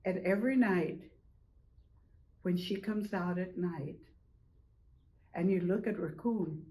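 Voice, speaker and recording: An older woman telling a traditional animal story slowly, drawing out repeated phrases. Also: mid-range voice, mellow, rough recording.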